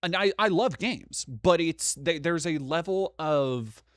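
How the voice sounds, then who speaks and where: A man's voice: on the high side, expressive, slow, a bit bright, no echo, clean studio sound. Rambling, profane young male streamer. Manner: rambling, profane, frequent restarts. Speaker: streamer host. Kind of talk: casual live-stream chat reading donations.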